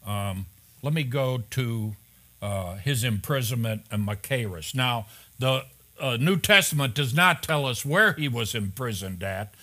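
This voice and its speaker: A man's voice: medium pitch, sharp tone. A man preaching an expository sermon as pastor, conversational and full of rhetorical questions, turning emphatic on key points.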